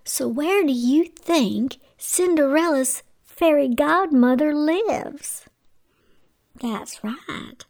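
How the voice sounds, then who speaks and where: A woman storyteller reads a fairy tale to young listeners, pausing to explain words and ask questions. Her voice sits high. She takes an unhurried pace. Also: lively intonation, darkish tone. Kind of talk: children's story reading with asides.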